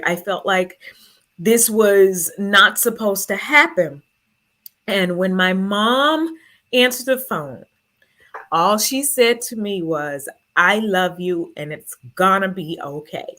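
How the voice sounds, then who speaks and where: A woman's voice: mid-range voice, a bit bright. A woman telling her own story to an audience, earnest and emotional, holding back tears. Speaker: speaker sharing her story.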